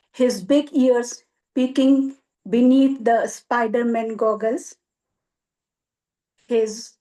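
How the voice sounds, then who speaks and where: A woman giving a storytelling speech at a speaking club, dramatic and acting out the voices in her story. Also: on the high side. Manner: dramatic, acts out voices with cries and shouts.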